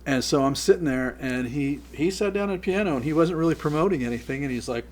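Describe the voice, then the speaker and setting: A middle-aged man, a production guest, telling behind-the-scenes stories in a casual, animated way and laughing as he goes. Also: fairly high pitch, fast. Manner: animated, laughs through his stories and acts out quoted lines. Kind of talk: casual anecdotal storytelling.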